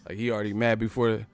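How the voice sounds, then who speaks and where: A man hosting a casual live boxing chat, brash and profane, talking with frequent laughs. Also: lowish voice. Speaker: boxing channel host. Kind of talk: casual live-stream commentary.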